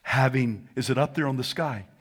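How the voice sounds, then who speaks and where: A man preaching a sermon to a congregation in church, animated and calling for responses, dropping to a hush and rising to shouts. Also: medium pitch, moderate pace, breathy edge. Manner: animated, swings from hushed to shouting. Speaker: pastor.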